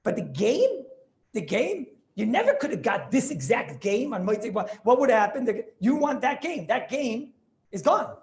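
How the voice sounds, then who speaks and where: A man, a rabbi, giving an informal class in a chatty, animated way, often checking whether his students understand. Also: extremely high pitch, normal speed.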